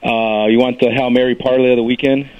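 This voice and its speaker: A man's voice: mid-range voice, level tone, fairly quick, a crowd in the background. A man from Chicago calling in to a radio show, rambling through his picks with many fillers. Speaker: caller. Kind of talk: casual call-in betting talk. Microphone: phone line. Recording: dull dry phone line.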